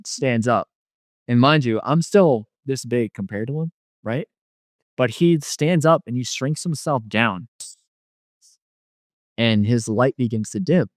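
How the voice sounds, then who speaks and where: Young man, personal testimony, earnest, rambling with restarts, middle pitch, dry close sound. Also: a little slow, pauses often, no echo. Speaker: guest telling his testimony.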